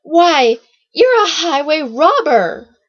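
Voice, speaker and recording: A twelve-year-old boy, firm and exasperated at being cheated, as a woman reads him from a storybook. Her voice is breathy and husky, close and dry, the recording a little dull. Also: fairly high pitch, normal speed, no echo.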